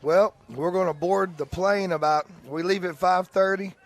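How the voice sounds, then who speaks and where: A man commentator chatting excitedly after a high school football game. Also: normal speed. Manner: excited, exclaiming. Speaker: broadcast commentator. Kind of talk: casual postgame chat.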